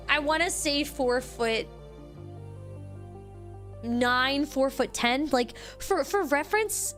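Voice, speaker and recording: A young woman streamer telling a story to her chat in a casual, animated way, restarting sentences often. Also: high voice. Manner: animated, excitable, lots of restarts and "like".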